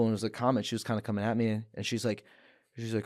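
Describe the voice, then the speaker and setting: A man's voice: fairly low pitch, level tone, very fast, a little mellow, dry recording, studio quality. A young man telling his story as a podcast guest, earnest, with restarts and quoted words. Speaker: guest, professional fighter. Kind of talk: emotional personal testimony. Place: podcast studio.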